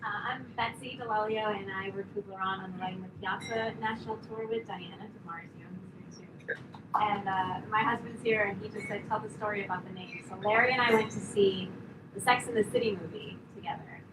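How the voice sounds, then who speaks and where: A woman speaks at a memorial in a reminiscing, softly emotional way, at times laughing at a shared story. She is heard from a distance in an echoing room with a constant background noise. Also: mid-range voice, fairly even intonation, fairly quick. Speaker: stage performer giving a memorial tribute. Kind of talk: heartfelt eulogy remarks. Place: indoor memorial gathering.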